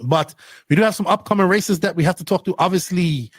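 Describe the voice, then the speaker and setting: A man hosting a podcast in casual, rambling talk, often excited. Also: high-pitched, quick pace, husky, dry recording. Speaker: podcast host.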